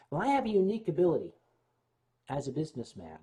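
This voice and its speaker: A man hosting a livestream, telling a long anecdote in a lively way and clearing his throat often between beats. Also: on the high side, normal speed. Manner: animated retelling with shifting loudness. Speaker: livestream host. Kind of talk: anecdotal storytelling.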